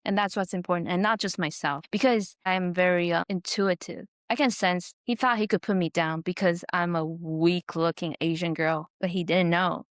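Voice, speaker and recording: A woman comedian from the United States talks through a story on her podcast in a fairly low voice, animated and quick to swear. She acts out what people said with a raised voice. The sound is dry and close, with no room echo. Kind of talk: casual storytelling monologue.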